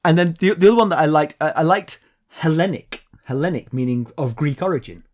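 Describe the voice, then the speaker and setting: A man's voice: a little high, fairly quick. A man co-hosting a podcast, chatting casually and playfully explaining odd words before summarizing a chapter. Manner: animated storyteller, playful and professorial. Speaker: podcast co-host.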